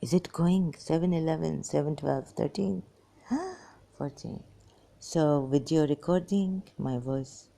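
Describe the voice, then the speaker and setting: A worn-out woman talks slowly in a rambling personal monologue, her speech breaking into halting fragments. Her voice sits very low and dark, with a gravelly fry. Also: animated. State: very tired and weak. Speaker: vlogger.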